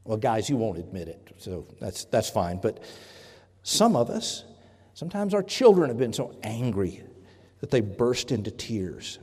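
A man preaching a sermon, earnest and deliberate, pausing often and correcting himself as he goes. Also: fairly low pitch, very animated, dark tone, slightly rough. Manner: earnest, with pauses and self-corrections. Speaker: pastor. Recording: reverberant hall.

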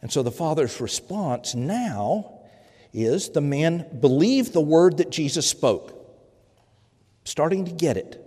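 A man's voice: fairly high pitch, animated, slow pace, warm tone, breathy edge. Guy preaching a sermon, chatty, restarts his words a lot, big echoey hall. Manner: conversational, repeats words, acts out quoted voices. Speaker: pastor. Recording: long hall reverb.

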